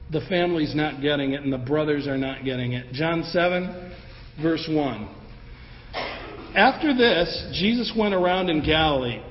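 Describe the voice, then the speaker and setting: A man preaching a sermon in a conversational, animated way, acting out the voices of the people in his story. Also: fairly high pitch. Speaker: pastor. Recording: roomy hall with long echo, dull sound, faint ambience.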